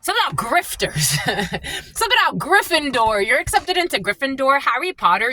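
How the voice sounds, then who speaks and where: A woman doing a live spiritual channeling reading, at times gushing and laughing, at times dropping into low, prayerful thanks. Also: fairly quick. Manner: animated, laughs often, shifts between gushing and low prayerful tones.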